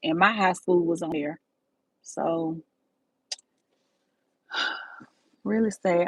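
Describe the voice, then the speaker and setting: A woman's voice: on the low side, steady tone, drawn-out words, pauses often, husky, dry recording, rough recording. A woman, talking straight to her viewers in a casual livestream, calling them baby and y'all. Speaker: livestream host.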